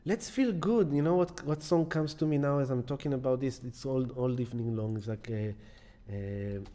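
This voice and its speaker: A man hosts a casual live stream in a mid-range voice, neither high nor low. He is effusive and affectionate, warmly greeting viewers by name. His talk rambles, full of repeated words and restarts. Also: normal speed. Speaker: astrology live stream host.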